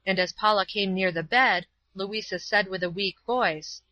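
A woman reading a novel chapter aloud in an even, measured narration. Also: mid-range voice, dry recording, muffled recording. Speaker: audiobook reader. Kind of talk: scripted narration.

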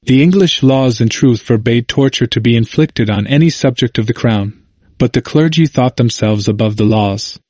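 A man narrates a history text in a steady, measured reading voice of middling pitch. The recording is dry and close, with no room sound around him. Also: no echo. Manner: steady, measured reading, quotes read with only slight lift. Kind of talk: scripted narration of a history book.

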